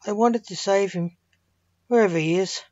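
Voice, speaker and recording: A woman's voice: mid-range voice, moderate pace, a little mellow, no room sound, highs cut off, lightly acted. A woman voicing Blake, a male detective and father, in an earnest, slightly raised voice while reading a story aloud. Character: male detective with seeing powers, calm father.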